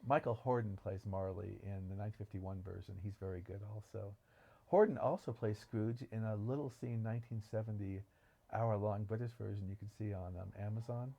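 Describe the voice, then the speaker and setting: A man with a low voice and a gravelly edge on his words. He co-hosts a podcast and talks casually and eagerly, drifting from one tangent to the next. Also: steady tone, fairly quick, mellow, muffled recording. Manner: enthusiastic, digressive storytelling. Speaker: podcast co-host. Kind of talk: casual film discussion.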